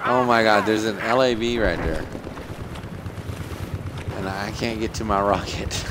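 A man's voice: lowish voice, measured pace. A man chatting casually while playing a shooter game, swearing freely and trash-talking other players. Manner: profane, brash trash talk. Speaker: gamer. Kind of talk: casual gaming chat. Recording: gunfire and vehicle noise.

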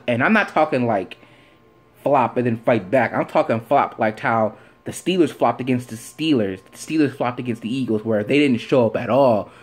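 A man giving an opinionated sports commentary rant, firing off rhetorical questions and repeating phrases for emphasis. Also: medium pitch. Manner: animated, fires off rhetorical questions. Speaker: sports vlogger.

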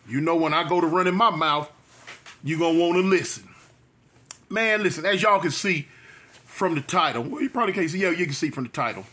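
With a bright, forceful voice that sits a little high, a vlogger in his fifties from South Central Los Angeles chats through a story for his channel. He repeats himself and uses street slang in this storytime monologue.

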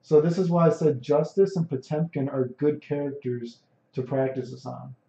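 A man commentates live on a fighting game in a brash, swaggering way, full of swearing and bragging. His voice sits a little high, and the cheap, dull mic picks up an echoey room. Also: steady tone, moderate pace, gravelly, dark tone. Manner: brash, profane, boastful. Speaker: streamer.

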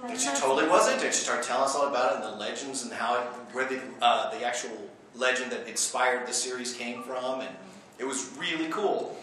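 A man telling stories at a convention panel as a comic artist and voice actor, animated and laughing often. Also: medium pitch, fairly quick, a little hiss or hum. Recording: echoey hall from far off.

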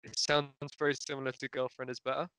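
A man's voice: mid-range voice, little pitch movement, fast, bright, forceful tone, smooth, dry recording, poor audio. A man co-hosting a podcast over a video call, musing hesitantly about an album with many fillers. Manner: hesitant, restarts and fillers, thoughtful. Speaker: podcast co-host. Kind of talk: casual music discussion. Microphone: video call mic.

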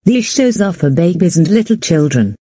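A woman's voice: on the low side, very animated, normal speed, dark tone, slightly rough, dry recording. A text-to-speech woman's voice playing a strict adult woman who lectures and scolds in long repetitive lists. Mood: scolding. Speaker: animated character.

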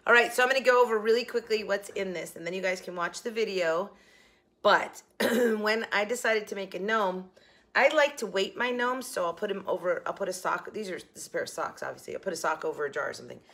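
A middle-aged woman hosting a craft vlog from her kitchen, rambling and animated, correcting herself as she talks. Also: medium pitch, fast. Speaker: crafting channel host. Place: home kitchen.

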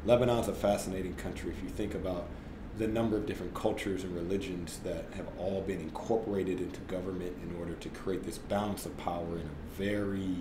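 With a deep voice and a fairly quick pace, a former basketball player in his thirties tells casual stories as a podcast guest, laughing often and leaning on fillers such as "like" and "right?". The background is noisy and the room echoes.

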